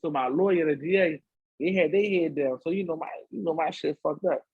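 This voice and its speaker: Podcast guest, man, husky voice, slangy animated storyteller, dry close mic. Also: a little high, fairly quick, dry recording, phone-quality sound. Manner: slangy, repeats "so I'm like", acts out voices. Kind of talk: animated storytelling in casual conversation. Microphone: studio podcast mic.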